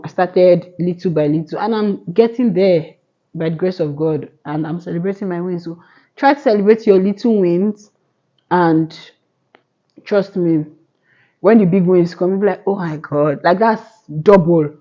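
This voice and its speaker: Earnest young woman vlogging, mellow tone. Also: on the low side, moderate pace, muffled recording. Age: 20s. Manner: earnest, rambling, with restarts. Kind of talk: casual motivational talk to camera.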